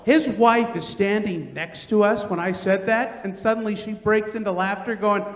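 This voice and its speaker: Man, stand-up comedian, high voice, loud animated storytelling, long theater reverb. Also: normal speed, hardly any pauses, background noise. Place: large theater stage.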